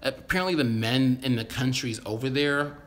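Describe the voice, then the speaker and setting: In a casual vlog, an American man speaks at a moderate pace in a mid-range voice with a fairly bright tone. He rants his opinions at the camera, bluntly and rambling, with constant swearing.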